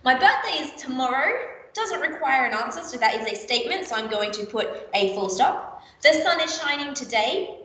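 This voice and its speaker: A woman teaching a recorded primary school literacy lesson, explaining clearly and patiently and slipping into playful example voices. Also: sits high, animated, normal speed, a bit bright, far from the mic. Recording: echoey room, voice a bit off-mic.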